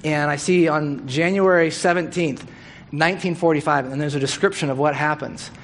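A middle-aged man preaches to his congregation in a relaxed, storytelling way. His voice sits a little high, and he drops into playful, acted-out quotes as he goes. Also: moderate pace, a little hiss or hum. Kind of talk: sermon storytelling.

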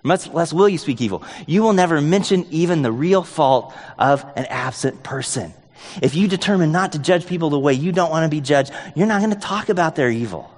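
A male pastor with a fairly high voice preaches in a casual, joking tone, often thinking aloud. The sound has a long reverb from an echoey hall. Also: expressive, a little fast. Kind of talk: sermon.

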